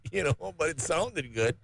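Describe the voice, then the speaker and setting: A man's voice: a little high, animated, slow, vocal fry, breathy edge. A man co-hosting a radio talk show, chiming in with joking, teasing remarks in casual on-air banter.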